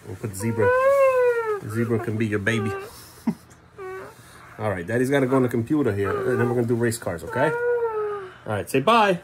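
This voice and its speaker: This vlogger dad talks with his little boys in their bedroom, his pitch swinging hugely at a moderate pace with frequent pauses. Background crowd noise fills the noisy home video as his playful, sing-song baby talk often jumps up high.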